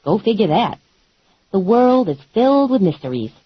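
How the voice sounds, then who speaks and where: A woman narrating an audiobook in first person with a wry, deadpan comic delivery. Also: medium pitch, moderate pace, husky, no echo, dull audio.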